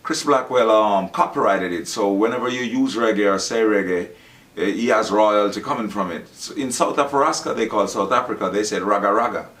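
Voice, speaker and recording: A man's voice: fairly low pitch, brisk, a bit bright. A man talking in a rambling, preachy monologue, acting out the dialogue he quotes. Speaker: Rasta speaker. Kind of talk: casual monologue.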